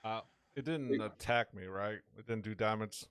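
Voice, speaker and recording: A man's voice: on the low side, normal speed, fairly bright tone, smooth, dry recording, clean studio sound. A laid-back man playing a tabletop game over a voice call, his voice run through a robotic, hollow filter. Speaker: player. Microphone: online voice call.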